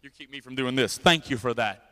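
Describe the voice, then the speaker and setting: A middle-aged man preaching a revival sermon into a church microphone, loud and impassioned, dropping into quiet asides and repeating words in quick runs. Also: mid-range voice. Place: church sanctuary with a sound system. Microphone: handheld or stand microphone, volume adjusted by the sound man.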